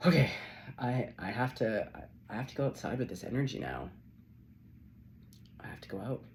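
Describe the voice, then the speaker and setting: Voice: medium pitch, animated, moderate pace, vocal fry, darkish tone, a little hiss or hum. A tarot reader giving a casual channeled reading, effusive and loose, swearing freely and laughing often.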